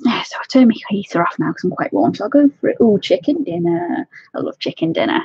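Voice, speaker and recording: A chatty woman talks casually to her live-stream viewers from home, laughing often and greeting them by name. Her voice is husky and breathy, close and dry, with no room around it. The webcam audio sounds a little dull and lo-fi. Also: medium pitch, expressive, fast talker, a little mellow, no room sound, whispered. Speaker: colouring channel host. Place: home, indoors.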